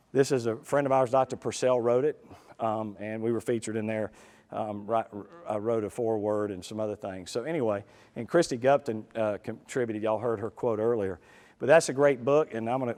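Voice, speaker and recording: A man speaks at a live conference, folksy and animated, often turning to the audience with quick asides. His voice sits at an ordinary middle pitch. A long hall reverb trails behind his words. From United States.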